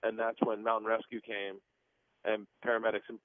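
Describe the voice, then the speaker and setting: His voice is on the low side and a little fast as this guest comedian in his forties calls a radio interview by phone. The recording is dry and the line tinny while he tells an animated story set on a plane and then an airplane lavatory, laughing along the way.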